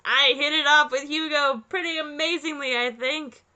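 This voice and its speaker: An excitable woman gamer reads a dating game aloud in a let's-play video. Her voice is sharp and very bright, pitched a little high, and she breaks into squeals often. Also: moderate pace. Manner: excitable, shrieks and laughs. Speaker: gaming video host. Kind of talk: let's play commentary and reading game text.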